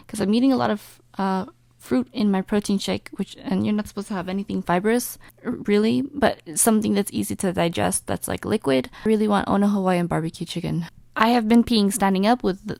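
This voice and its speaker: A young woman chats candidly in a casual vlog from her bed, breathless and a bit rambling. Her voice carries a gravelly fry over a middle pitch, and the sound is close and dry with no room around it. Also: no echo. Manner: candid, rambling, laughs often. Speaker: vlogger. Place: bedroom, lying in bed.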